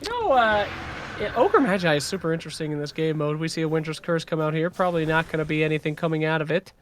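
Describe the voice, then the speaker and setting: A man calling esports play-by-play, quick and excitable, who swears now and then. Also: a little high, noisy background. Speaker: caster.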